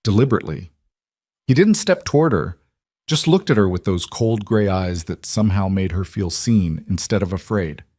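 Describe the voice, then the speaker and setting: Male storyteller: low pitch, steady and measured, dry close recording. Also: dry recording. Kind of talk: scripted narration.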